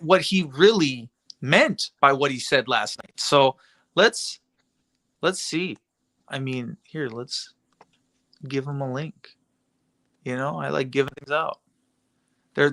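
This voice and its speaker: A man hosting a livestream, talking in a rambling, indignant, animated way. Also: fairly high pitch. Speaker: livestream host. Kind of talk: casual livestream chat.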